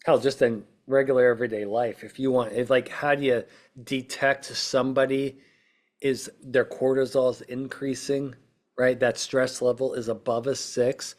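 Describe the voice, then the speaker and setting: A man's voice: mid-range voice, flat delivery, moderate pace. A man hosting a podcast, explaining in a casual, conversational way and checking in with the listener as he goes. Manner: conversational, peppers points with "right?" and "okay?"; acts out quoted speech in short bursts. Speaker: podcast host, witness-prep consultant.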